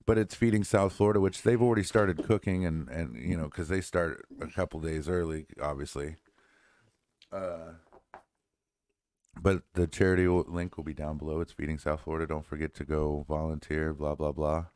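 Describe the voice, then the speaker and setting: A man's voice: extremely low pitch, steady tone, moderate pace, darkish tone. A man co-hosting a casual podcast, talking in a loose, joking, rambling way. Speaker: podcast co-host. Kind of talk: casual chat and sign-off.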